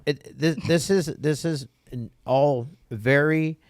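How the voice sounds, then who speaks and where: Halting man host, dry close sound. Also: on the high side, no room sound. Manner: halting, repeats words, says "y'all". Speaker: podcast host in recovery. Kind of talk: casual podcast talk.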